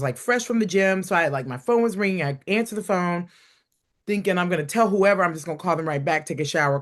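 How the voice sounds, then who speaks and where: A woman comedian chatting casually, teasing her co-hosts and acting out the people in her story. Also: deep voice. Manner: teasing, chimes in with quips and acts out quoted callers. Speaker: comedian and podcast co-host. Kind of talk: casual chat.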